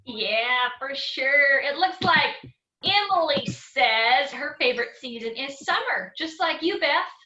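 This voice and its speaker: A woman with a high, bright voice keeps a group video chat moving, cheerfully calling on people one by one. Her voice rings a little in an echoey room with faint background noise. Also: lively intonation, takes it slowly, highs cut off. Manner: encouraging, calls on participants by name. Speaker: recreation program co-host.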